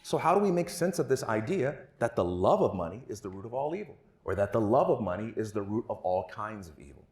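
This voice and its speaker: A man's voice: fairly low pitch, quick pace, few pauses. A man telling a story and speaking at a conference on a stage mic in a hall. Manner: storytelling, animated. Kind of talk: storytelling keynote talk. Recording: roomy hall echo.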